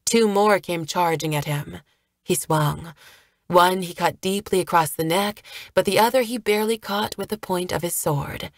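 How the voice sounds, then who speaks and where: A woman narrating an audiobook chapter, reading a fast action scene in a steady storytelling manner. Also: lowish voice, no echo. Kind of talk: scripted narration.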